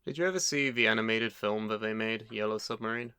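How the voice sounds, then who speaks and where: Deadpan man with a crisp, bright voice. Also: on the low side, fast talker, dry recording. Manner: dry, deadpan humor. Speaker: podcast co-host. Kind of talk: casual chat.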